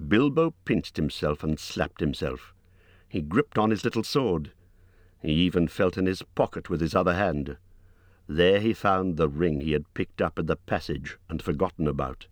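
A man narrating an audiobook in a measured, expressive storytelling manner. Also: low voice, no room sound, clean studio sound.

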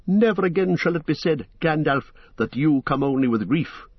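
A man's voice: fairly high pitch, animated, moderate pace, slightly rough, no echo, highs cut off, pitched above the performer's own voice. A man voicing a loyal, eager young male warrior who declaims in a storybook reading.

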